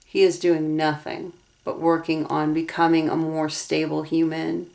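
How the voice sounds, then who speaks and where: A woman's voice: deep voice, monotone, measured pace, creaky, darkish tone. A young adult woman giving a tarot reading, earnest and emotionally invested as she talks through the cards aloud. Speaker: tarot reader.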